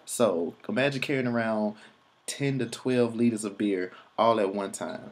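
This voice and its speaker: Young male vlogger, lowish voice, rambling and casual, swears freely. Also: a little slow, very noisy. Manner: rambling, loose, profane, filler-heavy. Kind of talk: casual travel vlog narration.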